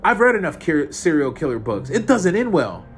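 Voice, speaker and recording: A man's voice: sing-song, moderate pace, a little hiss or hum. A man voicing an angry, foul-mouthed young woman held captive, in a raised voice. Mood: furious. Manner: shouting, profane, raised falsetto-ish voice.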